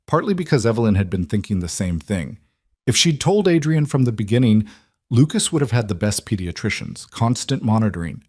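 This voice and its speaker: Man narrator, measured story read, lowish voice, dead-dry booth sound. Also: darkish tone, no room sound.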